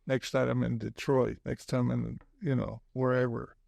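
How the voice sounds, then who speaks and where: An older man, a former basketball coach, talking as a podcast guest in a halting way, full of restarts and "you know". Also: medium pitch, level tone, gravelly, a little mellow, no echo, studio quality. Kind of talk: casual interview chat.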